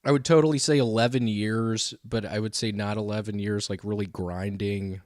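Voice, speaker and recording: A man's voice: fairly low pitch, steady tone, normal speed, a little mellow, no room sound, studio quality. A man guesting on a podcast, talking about himself in a laid-back, self-deprecating way. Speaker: comedian guest. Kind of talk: casual chat.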